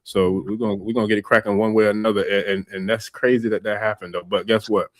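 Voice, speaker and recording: A man's voice: lowish voice, little pitch movement, fast talker, dry recording. Male host for a livestream talk show, laid-back street slang, stumbling repeats, dry close sound. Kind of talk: casual livestream chat.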